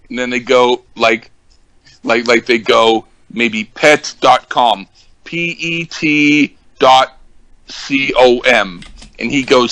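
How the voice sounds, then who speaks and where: An older man in casual conversation, talking haltingly with many ums and restarts. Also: mid-range voice, fairly even intonation, pushed and bright, no room sound, poor audio. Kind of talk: casual chat.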